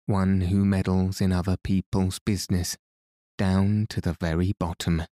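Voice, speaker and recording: A man reading the lines of a cool, mocking gentleman adventurer in an audiobook. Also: low voice, little pitch movement, a little slow, no room sound, studio quality.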